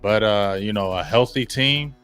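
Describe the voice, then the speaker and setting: A man hosting a sports podcast, talking in a casual, slangy, animated way and laughing often. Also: lowish voice, normal speed, smooth, faint music behind. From Ohio. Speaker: podcast host.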